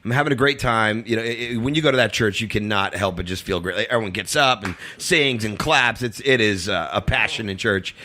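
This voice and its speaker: A man's voice: fairly low pitch, a little fast, hardly any pauses, bright, forceful tone. A comedian telling casual, rambling stories, often laughing as he talks. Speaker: comedian guest. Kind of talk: casual storytelling.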